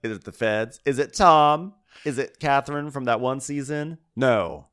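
A man's voice: moderate pace, clear, resonant tone. A man co-hosting a podcast, chatting casually and acting out quotes from a reality show. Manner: animated, acts out quotes in high voices. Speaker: podcast co-host.

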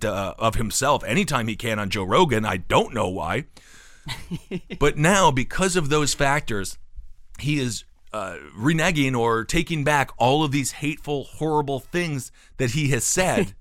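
A man's voice: mid-range voice, fairly bright tone, dry recording, clean studio sound. A man hosting a casual podcast chat, talking in a sarcastic, cynical way. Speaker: podcast host.

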